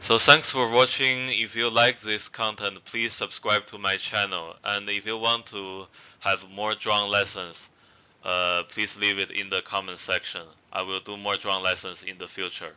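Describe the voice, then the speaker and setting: Slow, bright-toned man teaching a language. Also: lowish voice, flat delivery, clean tone, dull audio. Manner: explains patiently with fillers, repeats example words twice. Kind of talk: online language lesson.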